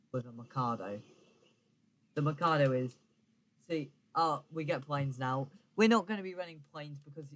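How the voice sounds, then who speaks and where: A man giving casual, rambling gameplay commentary as a gaming streamer, often correcting himself and stumbling over words. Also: mid-range voice. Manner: rambling, self-correcting, stammers when flustered.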